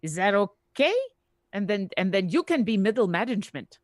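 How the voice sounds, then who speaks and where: A woman's voice: medium pitch, animated, normal speed, dry recording, clean studio sound. A woman playing a tabletop game, chatting playfully with her group. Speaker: player.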